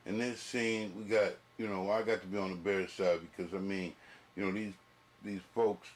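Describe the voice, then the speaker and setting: A man hosting a reaction video, ranting in profane, animated casual commentary. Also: fairly low pitch, moderate pace, slight background noise.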